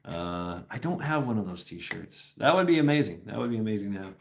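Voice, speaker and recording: A man's voice: fairly low pitch, animated, fairly quick, gravelly, background noise. A man talking in a casual, rambling livestream chat, restarting sentences often and chuckling as he goes. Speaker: host.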